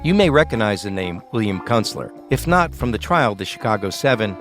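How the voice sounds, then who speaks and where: Lively low-voiced male narrator. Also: faint music behind. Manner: measured documentary storytelling. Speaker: podcast narrator. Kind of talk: scripted narration.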